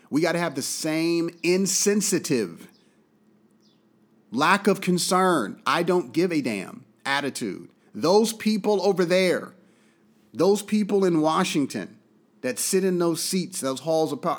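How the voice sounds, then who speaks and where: An American man giving an impassioned commentary monologue. He talks angrily and emphatically, repeats his points for force, and swings between loud outbursts and quiet, low drops. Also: expressive, a little slow. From United States. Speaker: political commentator.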